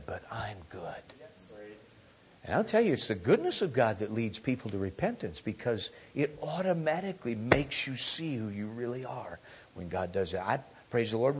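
A middle-aged man preaching a sermon, telling humorous stories and swinging from hushed near-whispers to loud exclamations. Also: mid-range voice. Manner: humorous storytelling. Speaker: pastor.

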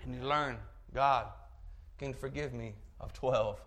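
A man preaching a sermon, telling a story in an animated way with chuckling asides. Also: medium pitch, slow pace.

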